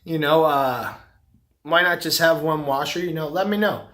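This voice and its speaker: Rambling man with a slightly high voice. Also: normal speed, fairly bright tone. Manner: rambling, self-talking, repeats himself. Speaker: vlogger, carpet cleaner and business owner. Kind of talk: casual talk to camera.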